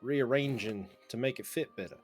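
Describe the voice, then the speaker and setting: A man playing a tabletop game, rambling in a halting, folksy way with many fillers. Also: medium pitch, soft background music. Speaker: player. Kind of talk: casual chat in a tabletop game.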